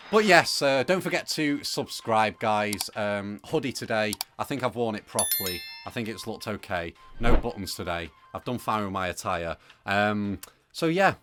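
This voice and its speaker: A man's voice: fairly low pitch, fairly bright tone. A young man presenting a football opinion piece to camera, talking casually with plenty of fillers. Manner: conversational, opinionated, with frequent fillers.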